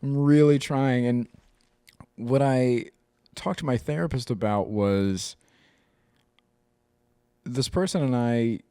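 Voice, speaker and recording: A man's voice: mid-range voice, slow, long pauses, mellow, smooth, no echo, clean studio sound. A man co-hosting a podcast in casual chat, telling stories animatedly, mimicking other people and swearing freely. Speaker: podcast co-host.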